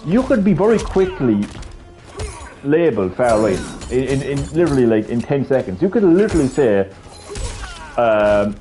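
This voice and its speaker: Mellow-voiced Irish man ranting casually. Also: mid-range voice, very animated, normal speed, soft background music. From Ireland. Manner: rambling, filler-heavy, swears freely. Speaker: video creator. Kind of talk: casual opinion monologue.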